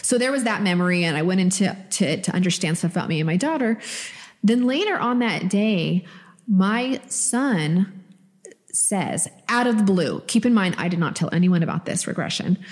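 A middle-aged woman co-hosting a podcast, telling a personal story in a lively, casual way. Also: mid-range voice, moderate pace, big-room sound. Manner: animated storyteller, acts out quoted voices. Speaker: podcast co-host.

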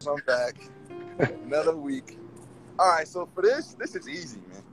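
A man calling in to a talk show, arguing his side in an animated way and often repeating himself. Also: on the high side, moderate pace, music in the background, low-quality recording. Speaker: caller. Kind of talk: casual call-in debate.

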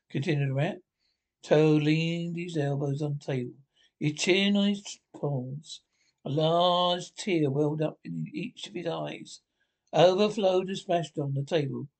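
Husky man reading a storybook aloud. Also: fairly high pitch, a little mellow. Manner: unhurried reading with frequent stumbles and restarts. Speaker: audiobook reader.

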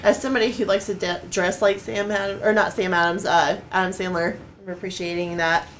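A woman's voice: on the low side, little pitch movement, a little fast, slight background noise. A young woman co-hosting a casual podcast, firing off sarcastic, profane quips. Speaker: podcast co-host. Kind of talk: casual comedic podcast chat.

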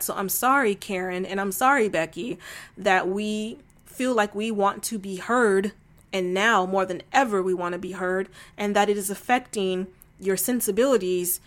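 A woman's voice: medium pitch, a bit bright. Woman, vlogger, casual monologue, emphatic, exasperated, filler-heavy.

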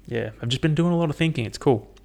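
A man's voice: on the high side, quick pace, vocal fry, darkish tone. A young man hosting a casual solo podcast, rambling and swearing with lots of fillers. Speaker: podcast host.

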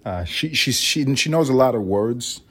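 A man's voice: mid-range voice, animated, moderate pace, husky. Profane, rambling man hosting a podcast. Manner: profane, rambling, self-mocking. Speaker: podcast host. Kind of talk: casual solo podcast monologue.

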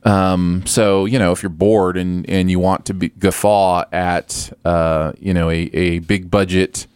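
Guy co-hosting a movie podcast, lowish smooth voice, dry close mic, lots of restarts. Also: level tone, a little slow, a little mellow, no echo. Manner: hesitant, many restarts, wry. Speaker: podcast co-host. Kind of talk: casual movie review chat.

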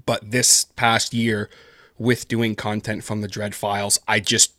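A man's voice: on the low side, little pitch movement, measured pace, pushed and bright, no room sound, clean studio sound. A man talking casually in an interview, rambling with lots of fillers and self-deprecating asides. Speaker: podcast guest, horror narrator.

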